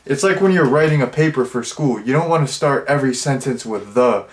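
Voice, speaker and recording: A man's voice: mid-range voice, animated, fairly quick. Young male reviewer, mid-range voice, loose and rambling, full of filler words. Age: 20s. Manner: rambling, heavy with fillers and restarts. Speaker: movie reviewer. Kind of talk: casual spoken review.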